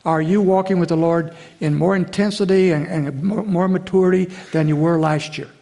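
A pastor with a fairly high, warm voice delivers a sermon at a moderate pace with fairly even intonation and some vocal fry. He's earnest and direct, often restarting phrases and calling the congregation folks.

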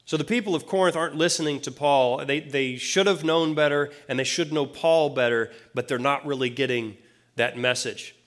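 A man's voice: a little high, normal speed, fairly bright tone. A man preaching a sermon in a plain-spoken, conversational way, with casual asides to the congregation. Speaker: pastor.

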